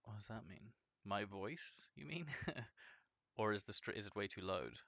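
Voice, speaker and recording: A man chatting casually on a live game stream, rambling and swearing, his voice jumping from deep to screechy when excited. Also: moderate pace, no room sound.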